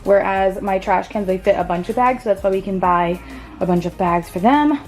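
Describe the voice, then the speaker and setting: A woman's voice: mid-range voice, normal speed, darkish tone, faint music behind. A woman vlogging casually on her farm, bubbly and chatty, talking to the camera about feeding her animals. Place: outdoors on a farm, then a feed shed.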